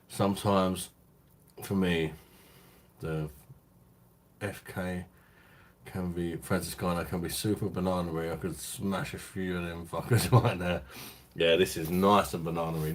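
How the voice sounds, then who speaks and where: A man's voice: low voice, steady tone, unhurried. A man hosting a beer review live stream, chatting casually in a crude, rambling way and laughing often.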